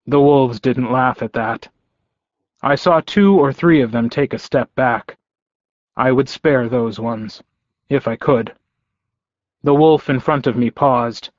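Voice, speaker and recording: A man narrating a story in first person with a measured, calm delivery. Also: mid-range voice, no room sound, lo-fi sound. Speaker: audiobook narrator.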